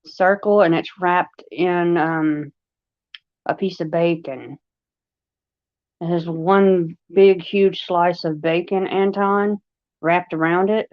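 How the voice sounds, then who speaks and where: A woman with a Long Island accent chats slowly and rambles through a casual livestream, her voice a little low. The sound is dry and slightly dull, like a lo-fi home recording. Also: no room sound. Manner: rambling, chatty, heavy use of fillers. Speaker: livestream host.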